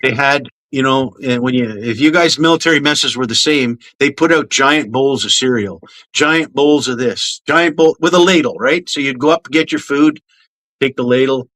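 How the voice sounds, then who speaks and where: A man from Canada telling lively, swear-laced stories from his cadet days in a casual chat. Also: medium pitch, normal speed. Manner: animated storyteller, swears casually.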